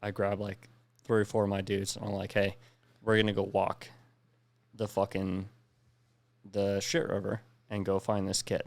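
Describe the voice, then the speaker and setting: A man's voice: lowish voice, monotone, normal speed, dry recording. A young man on a podcast telling a war story in casual, profane speech, acting out the dialogue. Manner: profane, recounts with quoted dialogue. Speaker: podcast co-host, veteran.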